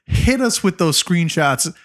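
Lively, joking male podcast co-host. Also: sits high, measured pace. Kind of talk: casual comedic chat.

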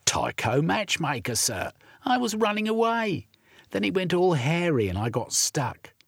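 A man's voice: high-pitched, very animated, unhurried, vocal fry, breathy edge, dry recording, studio quality, voice pushed up, exaggerated voice. A man voicing a young runaway orphan boy who talks in earnest, ungrammatical street speech. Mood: pleading.

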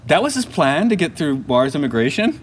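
A man's voice: fairly high pitch, very animated, brisk, a little hiss or hum. A man co-hosting a casual film podcast, laughing often and trailing off with fillers. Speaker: podcast co-host. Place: lives in Japan.

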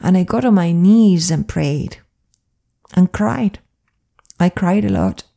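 Woman coach, very gravelly fry, soft and confiding, personal reflection. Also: fairly low pitch, animated, slow pace. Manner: soft-spoken, earnest and confiding. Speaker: flow coach.

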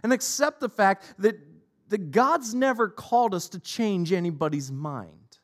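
A man's voice: high-pitched, expressive, unhurried. A middle-aged man preaching a sermon as a pastor, emphatic and repetitive in his delivery.

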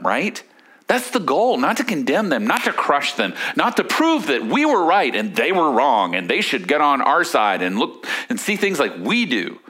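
Bright-voiced man preaching a sermon. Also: mid-range voice. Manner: conversational, asks the listeners questions with frequent "right?". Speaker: pastor.

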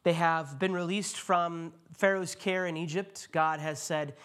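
A male pastor giving a sermon, retelling a scripture story and speaking the quotes in a quieter voice. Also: on the high side, steady tone, a little slow. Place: church.

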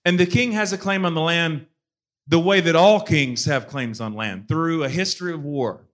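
Animated preacher, higher voice. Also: male voice, moderate pace. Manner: animated preaching, acting out scripture in a casual voice. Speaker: pastor. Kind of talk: sermon.

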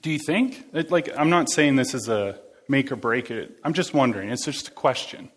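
A man's voice: medium pitch, lively intonation, normal speed. Chatty, joking man preaching a casual sermon. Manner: chatty, jokey, interacts with the congregation.

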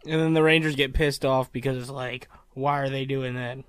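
A man's voice: mid-range voice, fairly even intonation, moderate pace, smooth, dry recording. A man co-hosting a casual chat, answering in dry, wry short replies. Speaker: podcast co-host.

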